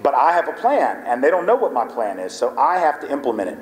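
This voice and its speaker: A man's voice: medium pitch, big pitch swings, quick pace. A man giving a talk to a live audience, telling a story animatedly, acting out bits of dialogue and often checking in with "right?". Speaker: guest speaker. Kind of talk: storytelling lecture. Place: lecture hall. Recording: echoey hall with long reverb.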